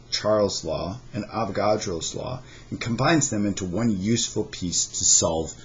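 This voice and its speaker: A deep-voiced man gives a recorded chemistry lesson. He explains methodically and works through examples one step at a time. The recording sounds dull and lo-fi, with faint noise underneath. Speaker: chemistry teacher.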